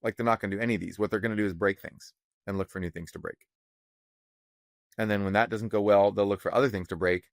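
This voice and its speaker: A man with a lowish voice rants on a podcast, animated and sarcastic, with plenty of swearing and mocking voices for the people he quotes. The sound is close and dry, with no room around it. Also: fast talker, gravelly, dry recording. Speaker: podcast co-host, economist. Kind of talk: casual opinionated chat.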